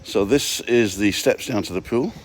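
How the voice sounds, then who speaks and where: Phone in hand, a man with a cold strolls outdoors through a residential complex, giving viewers a chatty, joking live-stream tour. He has a lowish voice and a moderate pace, and there's a little hiss or hum.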